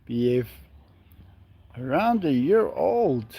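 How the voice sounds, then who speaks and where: A man's voice: mid-range voice, big pitch swings, slow pace, gravelly, warm tone, husky, no echo. A man hosting a casual live stream outdoors at home, reading viewer comments aloud and answering them. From South Africa.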